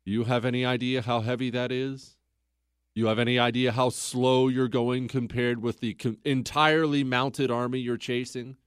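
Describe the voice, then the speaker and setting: A man hosting a history podcast in a casual, conversational storytelling style. He keeps pulling the listener in with rhetorical questions. His voice sits at an ordinary pitch and sounds dry and close. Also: little pitch movement, normal speed, clean tone, no echo. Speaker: podcast host.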